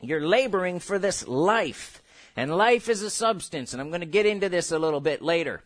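A man preaching a sermon as pastor, animated and jokey, with sudden shouts, and slowing right down when he reads scripture. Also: high voice. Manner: slow, drawn-out scripture reading.

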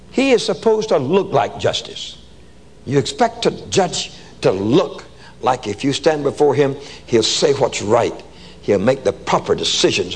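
A male preacher telling stories from the pulpit with an animated, colloquial delivery and words repeated for emphasis. His voice sits high for a man and swings widely in pitch. It has a gravelly, husky texture. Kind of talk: sermon with storytelling.

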